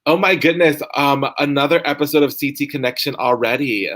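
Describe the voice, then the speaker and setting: A man co-hosting a livestream over a video call, effusive and upbeat, giving shout-outs. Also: fairly high pitch, brisk. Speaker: co-host.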